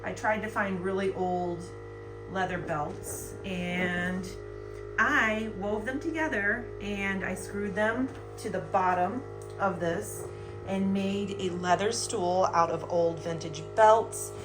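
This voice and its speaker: A woman's voice: mid-range voice, takes it slowly, music in the background. A woman in her fifties chatting casually while giving a home tour, enthusiastic about her thrift finds. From United States.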